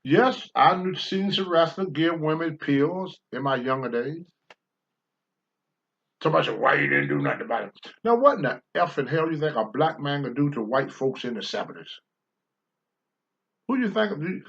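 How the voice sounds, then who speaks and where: A man's voice: fairly high pitch, expressive, moderate pace, a bit bright, lo-fi sound. An older man hosting a talk show, answering viewer questions in a blunt, preachy monologue and swearing freely.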